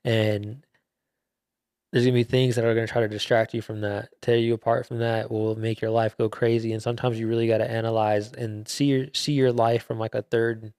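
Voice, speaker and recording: A man's voice: mid-range voice, flat delivery, fairly quick, darkish tone, clean tone, no echo, clean studio sound. A young man hosting a podcast, casually retelling a Bible story in loose slang with laughs and fillers. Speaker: podcast host.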